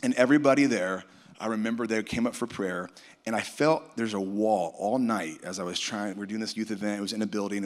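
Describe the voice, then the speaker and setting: A man telling a personal testimony at a conference, storytelling and quoting others. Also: on the low side. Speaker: worship musician. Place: large conference hall. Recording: reverberant hall.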